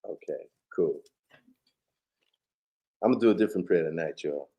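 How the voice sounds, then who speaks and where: A man with a very low, mellow voice speaks over a video call. He is laid-back in conversation and steady when reciting a prayer. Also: moderate pace, breathy edge. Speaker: guest co-host. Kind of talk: casual chat and recited prayer.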